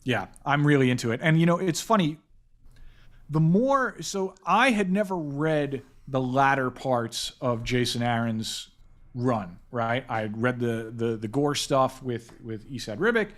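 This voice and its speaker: A man's voice: medium pitch, a little slow, fairly bright tone. A man hosting a casual pop-culture podcast, talking enthusiastically with lots of restarts and self-corrections. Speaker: podcast host, editor-in-chief.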